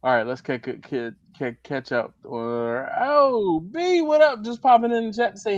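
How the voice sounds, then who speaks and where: A man's voice: sits high, normal speed, hardly any pauses, no room sound, dull audio. A man hosting a casual live stream chat, telling stories with a lot of laughter and acting out the quotes. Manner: animated storyteller, laughs often, acts out quotes. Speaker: livestream host.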